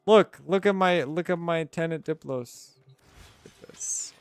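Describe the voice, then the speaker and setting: Answering his chat, this streamer talks at a measured pace in a fairly high, clear, resonant voice. He's animated, curses often, and gets sidetracked easily, and the recording is dry.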